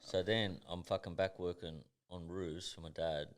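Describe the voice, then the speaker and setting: Blunt, deep-voiced Australian man. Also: steady tone, normal speed. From Tasmania, Australia. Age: 30s. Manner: blunt, profane, intense. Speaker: guest, professional boxer. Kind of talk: casual podcast storytelling.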